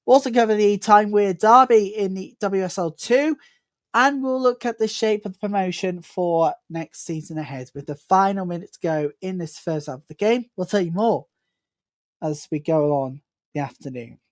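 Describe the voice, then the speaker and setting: A woman hosting a live football watchalong, giving chatty play-by-play and building excitement whenever an attack comes. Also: medium pitch, moderate pace, no room sound. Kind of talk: live match commentary.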